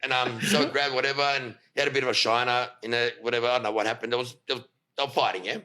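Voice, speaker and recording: A man telling a story as a podcast guest, animated, swearing freely and acting out what others said. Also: medium pitch, very fast. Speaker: guest, fight coach.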